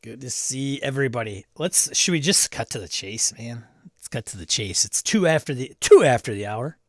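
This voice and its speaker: Man, livestream host, casual chat, greets viewers, reads chat, snarky, mid-pitched, dry close sound. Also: animated, normal speed, no echo. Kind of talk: casual live-stream chat.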